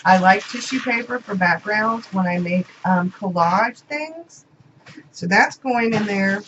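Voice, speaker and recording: A woman's voice: medium pitch, a little slow, a bit bright, slight background noise. Woman vlogger, heartfelt and gushing, repeats words, slightly muffled home recording. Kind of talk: casual unboxing chat. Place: home room.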